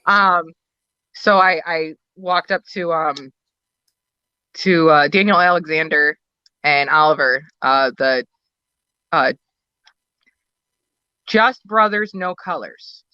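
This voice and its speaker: A woman's voice: low-pitched, slow pace, pauses often, clean tone, no echo, lo-fi sound. A woman talking about her work as a wrestling booker and valet in a casual podcast interview, a chatty storyteller who laughs often.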